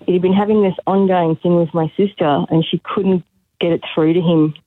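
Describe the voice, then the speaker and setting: A woman tells her story over a tinny phone line, brisk and a little exasperated. The sound is dry and narrow. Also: on the low side, fairly even intonation, no room sound. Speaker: caller. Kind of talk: phone-in anecdote.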